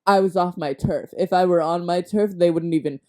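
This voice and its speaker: A brooding young man, as a woman puts him on in a recap, speaks in short, clipped, breathless bursts. The voice is low and mellow. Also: fairly quick, close to an everyday voice. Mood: earnest.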